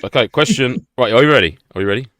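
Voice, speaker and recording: A man's voice: mid-range voice, lively intonation, quick pace, a bit bright, dry recording, studio quality. A man hosting a podcast quiz, rambling through the rules with laughs in casual banter. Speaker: podcast host running a quiz.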